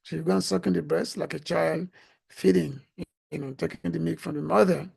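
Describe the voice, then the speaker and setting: A man giving a devotional talk who is losing his voice, speaking haltingly with frequent pauses and restarts. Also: on the high side, steady tone, gravelly, a little mellow, slightly rough. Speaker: religious speaker.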